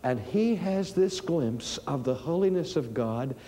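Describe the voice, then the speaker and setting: A man preaching a sermon in a slow, deliberate way, building to raised emphasis. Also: a little high, lively intonation, warm tone, slight background noise. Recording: long hall reverb.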